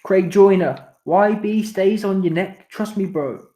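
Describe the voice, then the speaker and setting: A man's voice: high voice, unhurried, mellow. A man hosting a casual live stream, reading out viewer messages in slangy, repetitive, laid-back banter. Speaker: boxing commentary channel host. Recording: roomy echo.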